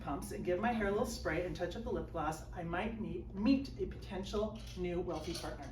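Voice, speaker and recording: A woman's voice: fairly low pitch, fairly quick, few pauses. A woman performing a self-mocking stand-up set at a small live comedy show, acting out her own whiny inner voice. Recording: roomy live room, mic a bit distant, faint background noise. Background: audience laughter.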